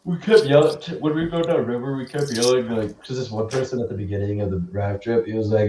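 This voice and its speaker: A man's voice: medium pitch, fairly even intonation, fast, hardly any pauses, dark tone. Young guy rambling in an echoey room. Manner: rambling, profane storytelling with lots of "like". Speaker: podcast co-host. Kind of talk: casual chat. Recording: echoey room, distant mic, faint noise.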